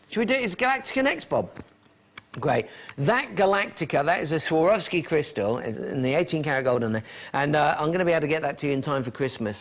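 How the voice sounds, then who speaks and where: A man presenting a live shopping channel, chatting and counting down prices. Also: mid-range voice. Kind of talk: live TV sales pitch. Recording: dull lo-fi broadcast sound with music behind.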